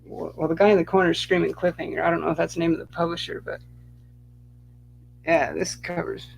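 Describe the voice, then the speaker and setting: A man's voice: fairly high pitch, level tone, quick pace, gravelly, a little hiss or hum. A man from Utah co-hosting a casual streamed comic unboxing chat, rambling with many restarts. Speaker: podcast co-host.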